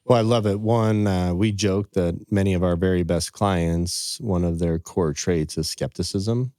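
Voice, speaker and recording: A middle-aged man with a deep, warm, mellow voice tells earnest family stories on a podcast, quoting scripture and old sayings as he goes. He is recorded up close with a dry sound. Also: a little slow, no echo. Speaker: financial advisor, podcast guest. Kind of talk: casual storytelling in conversation.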